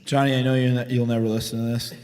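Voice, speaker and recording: A man's voice: mid-range voice, level tone, quick pace, a little mellow, slight background noise. Laughing man in a reverberant garage. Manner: rambling, laughing, swearing freely. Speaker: podcast co-host. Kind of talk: casual chat.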